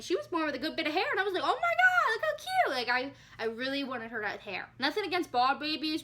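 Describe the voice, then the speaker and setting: A young woman with a bright, fairly high voice tells a personal story in a loose, chatty way. She is candid and swears freely, and she acts out her own past reactions as she goes. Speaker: new mother telling her birth story. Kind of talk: casual storytelling vlog.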